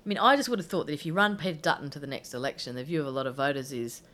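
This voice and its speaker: Low-voiced Australian woman talking politics. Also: very fast, a bit bright, a little hiss or hum. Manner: chatty, opinionated, many asides. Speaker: political commentator. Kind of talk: casual political chat.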